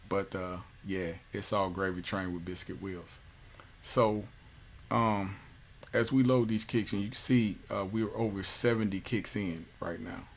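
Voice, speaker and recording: A man giving a casual music software tutorial, loose and jokey, with slang and lots of fillers. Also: low voice, steady tone, unhurried, vocal fry. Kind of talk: casual screen-recorded tutorial.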